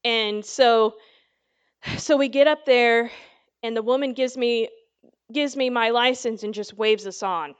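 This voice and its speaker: A woman's voice: on the high side, measured pace, pauses often, clear, resonant tone, lo-fi sound. A woman teaching the Bible in a casual, conversational sermon, telling a story with lots of fillers. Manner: chatty storytelling with many fillers.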